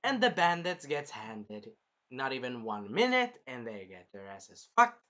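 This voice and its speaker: A man hosting a casual anime review, rambling and animated, swearing freely as he recaps an episode. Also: medium pitch, measured pace. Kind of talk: casual chat.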